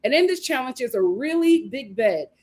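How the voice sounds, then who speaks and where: High-voiced animated woman recapping a reality show. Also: moderate pace. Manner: animated, laughing, talks straight to viewers.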